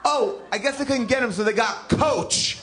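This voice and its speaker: Loud joking man with a high voice. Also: normal speed, noisy background. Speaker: podcast co-host. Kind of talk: casual comedic movie discussion.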